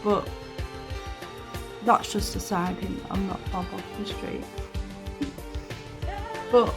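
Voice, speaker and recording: Slow, rambling woman vlogger. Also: mid-range voice, fairly even intonation, vocal fry, music in the background. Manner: rambling, with fillers, asides and swearing. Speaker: online video host. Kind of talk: casual commentary to camera.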